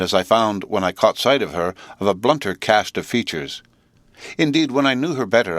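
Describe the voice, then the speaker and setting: Low-voiced man narrating a classic novel. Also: fairly bright tone, dry recording. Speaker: audiobook narrator.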